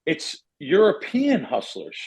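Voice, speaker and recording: A middle-aged podcast host tells a long, rambling story in a casual way, correcting himself often and staying animated. His voice is fairly high, slow, gravelly and breathy, and the recording is rough.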